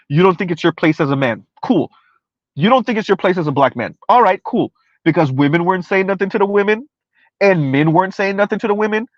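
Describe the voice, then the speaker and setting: A man's voice: high voice, dry recording. A man under forty giving casual live-stream commentary, emphatic and repetitive, ranting and laughing often. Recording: dry, slightly dull lo-fi sound.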